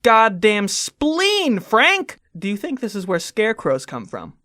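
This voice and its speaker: A woman co-hosting a comedy podcast, switching between reading a story aloud and bursts of joking commentary. Her mid-range voice swings widely in pitch. The sound is dry and close. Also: a little slow, dry recording. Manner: reads a story aloud, then jokes about it in animated bursts. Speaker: podcast co-host.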